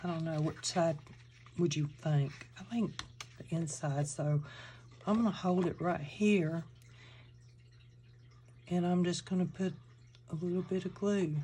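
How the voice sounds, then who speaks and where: A woman's voice: fairly low pitch, measured pace, long pauses, warm tone, a little hiss or hum. A woman from Georgia with a Southern accent, chatting casually as she walks through a crafting tutorial and thinks aloud while she works. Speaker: crafting channel host.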